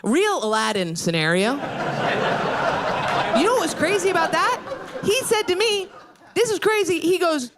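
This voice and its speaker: Young female comic from upstate New York, brash, very animated delivery with shouted high bits, live club recording with crowd noise. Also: moderate pace, pauses often. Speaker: stand-up comedian. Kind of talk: stand-up comedy set. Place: comedy club stage. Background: audience laughter and applause.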